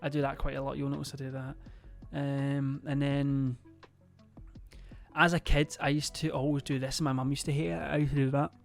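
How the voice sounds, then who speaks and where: A man's voice: mid-range voice, little pitch movement, normal speed, vocal fry, faint music behind. A young man, chatting casually to his stream in a rambling, hesitant way full of fillers and swearing.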